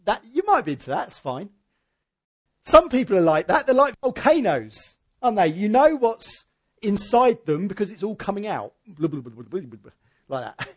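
High-voiced preacher, animated. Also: male voice. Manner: animated, swings from loud emphatic peaks to quiet asides. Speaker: pastor. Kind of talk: sermon.

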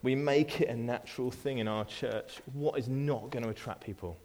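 A man's voice: mid-range voice, moderate pace, a little mellow. A man delivering a sermon to his congregation in an easygoing, conversational way. He restarts phrases, repeats words, and drops playful asides to people in the room. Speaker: pastor. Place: church.

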